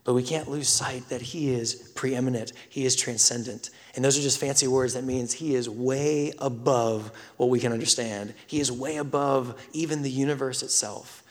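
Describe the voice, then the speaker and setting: A man, preaching a sermon that swings from loud scripture reading to hushed whispers. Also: medium pitch, fairly even intonation, moderate pace, few pauses. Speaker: pastor. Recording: long reverb of a large hall.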